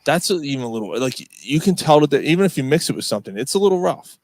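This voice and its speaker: Talking very fast in a fairly high, sing-song voice, a man co-hosts a podcast that feels like a casual chat down at the pub. His storytelling wanders, full of swearing and filler words. There's no echo on the recording.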